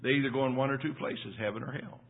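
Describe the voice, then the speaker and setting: A man's voice: mid-range voice, fast. An older man preaching a sermon in a folksy storytelling way, repeating his words as he goes. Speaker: pastor. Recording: tinny phone-like sound.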